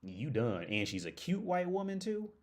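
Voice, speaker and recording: A young man hosting a casual livestream, swearing freely and breaking into loud laughs. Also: on the high side, wildly swooping pitch, moderate pace. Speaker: livestream host.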